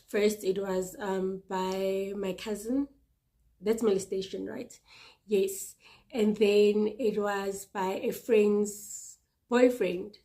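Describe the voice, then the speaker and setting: A woman in her thirties sharing a personal testimony in an earnest, halting way, with restarts and repeated words for emphasis. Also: mid-range voice, mellow. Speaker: vlogger sharing personal experience.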